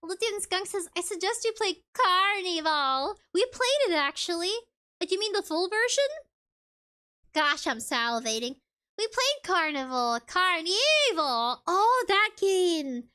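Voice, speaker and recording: Bubbly high-voiced woman streamer. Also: lively intonation, a little slow, pushed and bright. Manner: bubbly and giggly, with frequent laughs. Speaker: VTuber streamer. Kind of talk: casual livestream chat, reading viewer comments aloud.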